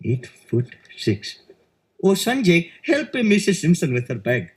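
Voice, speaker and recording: A man's voice: on the high side, wildly swooping pitch, a little slow, slightly rough, voice pushed up, heavily acted. A man putting on a fussy, polite but suspicious male shopkeeper with an exaggerated South Asian English accent. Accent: put-on South Asian English.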